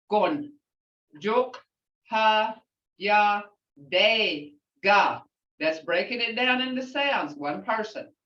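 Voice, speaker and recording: An older woman teaching a language class, patiently repeating and sounding out syllables slowly. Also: mid-range voice, fairly bright tone. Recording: roomy, distant, dull lo-fi.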